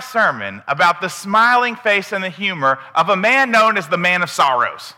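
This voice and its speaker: A man's voice: high-pitched, very animated, moderate pace, few pauses, sharp tone, long reverb tail. A man giving a candid, conversational sermon in a church. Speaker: preacher. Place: church sanctuary.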